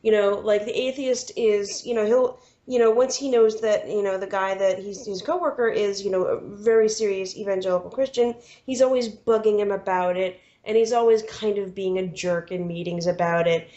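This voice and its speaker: A woman's voice: medium pitch, steady tone, moderate pace, hardly any pauses, dark tone. A woman co-hosting a podcast in casual chat, rambling and acting out film scenes with lots of "you know". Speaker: podcast co-host. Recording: dull lo-fi podcast sound.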